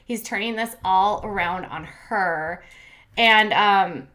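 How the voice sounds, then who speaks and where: A woman's voice: mid-range voice, slow pace, bright, forceful tone. A woman hosting a casual reality TV recap, chatty and opinionated, with lots of fillers and sarcastic asides. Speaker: commentary host.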